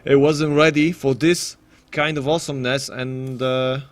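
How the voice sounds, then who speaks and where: A man's voice: medium pitch, flat delivery, moderate pace. A man casting an esports match on his live stream, rambling and self-deprecating with frequent restarts. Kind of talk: casual live stream commentary.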